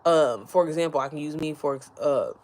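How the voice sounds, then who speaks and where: A deep, slightly mellow voice moves briskly as an online business creator chats with her followers from home. Rambling and talkative, she strays off track easily and keeps speaking to her viewers head-on.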